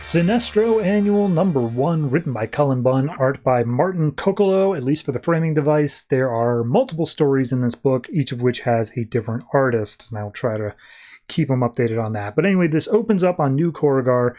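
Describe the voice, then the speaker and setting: A man hosting a podcast, casually recapping a comic in a loose, slangy way with quick voiced asides. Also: mid-range voice, expressive, dark tone. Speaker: podcast host.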